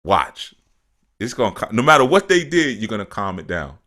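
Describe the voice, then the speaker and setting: A man giving a casual spiritual talk as a teacher, animated and repetitive, often acting out what people say. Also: fairly low pitch, moderate pace.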